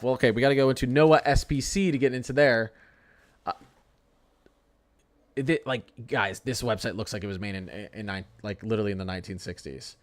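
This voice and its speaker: A man's voice: mid-range voice, moderate pace, pauses often. Young male streamer, casual and rambling, prone to heated rants, addresses chat directly. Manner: rambling, ranting, talks to chat. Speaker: weather livestream host. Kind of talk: casual live weather stream.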